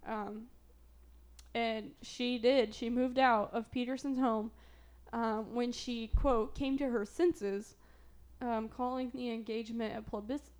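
A woman's voice: a little high, flat delivery, measured pace, a little mellow, clear, resonant tone. A young woman from Southern Illinois hosting a casual true-crime podcast, chatty with trailing fillers. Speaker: podcast host.

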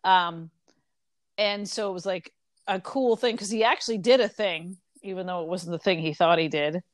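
A woman's voice: fairly low pitch, moderate pace, no room sound. A woman casually retelling a story in conversation, acting out the characters' lines with lots of ums. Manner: animated retelling with quoted voices, frequent ums.

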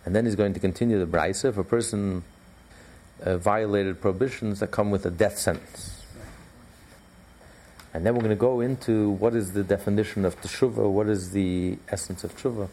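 A man's voice: fairly low pitch, steady tone, a little fast, dark tone, slight background noise. A man teaching a recorded Torah class, emphatic and conversational, repeating his points with fillers.

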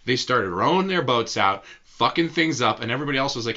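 A man's voice: medium pitch, animated, fast, pushed and bright, dull audio. A man co-hosting a podcast in casual banter, swearing freely and jumping into mocking voices. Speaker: podcast co-host.

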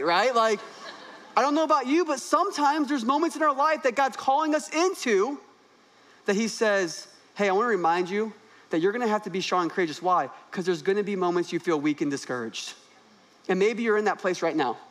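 On a church stage, the young new pastor delivers an animated, joking sermon, his emphasis building as he goes. His voice is high-pitched.

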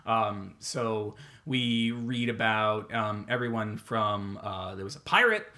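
A man's voice: on the low side, expressive, slow pace, pushed and bright. A man and father, co-hosting a casual podcast chat and rambling with many fillers and restarts. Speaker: podcast co-host.

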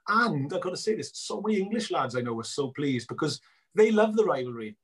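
A middle-aged man, a filmmaker being interviewed, telling animated stories and acting out both sides of conversations. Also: fairly high pitch, fairly quick, breathy edge. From Wales. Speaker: guest filmmaker. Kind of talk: casual interview chat.

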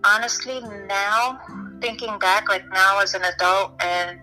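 A young woman guest speaking candidly in an interview, halting and restarting often with many "you know"s. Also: medium pitch, over music, rough recording. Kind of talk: personal story in an interview.

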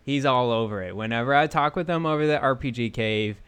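A man co-hosts a gaming podcast in a loose, chatty way. He speaks at a mid pitch and gets excited easily. His sentences often break off before he finishes them. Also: brisk, smooth. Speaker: podcast co-host. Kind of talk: casual gaming podcast chat.

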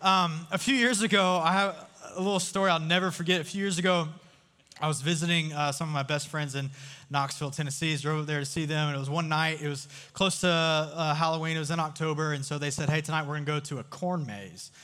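Speaking fast with a steady, pushed, bright yet clean tone, this slightly high-voiced man is a youth speaker preaching to a live audience in a large room. His sermon is casual and story-driven, chatty and joking, with frequent questions to the crowd, all heard through long hall reverb.

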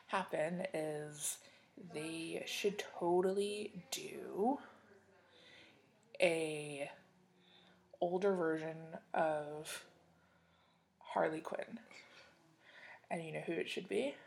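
A woman hosts a podcast in relaxed, rambling chat. Her voice has a heavy gravelly fry and sits a little low. She drifts between thoughts with fillers and murmured asides. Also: takes it slowly, pauses often. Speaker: podcast host. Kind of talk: casual chat.

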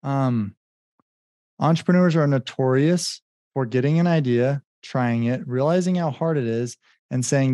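A man's voice: medium pitch, a little slow, mellow, dry recording, clean studio sound. A man, a business coach and guest, telling his story in a rambling casual way with many fillers and acted-out quotes. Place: home in Mexico.

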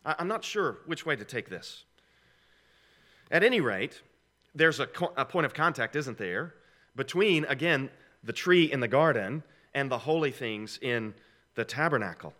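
A man's voice: medium pitch, lively intonation, moderate pace, sharp tone. A middle-aged man preaching a conversational, emphatic sermon to a congregation, posing rhetorical questions. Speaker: pastor.

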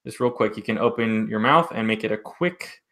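Man calmly guiding a breathing exercise. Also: fairly low pitch, a little fast. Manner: calm step-by-step instruction. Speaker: vocal coach.

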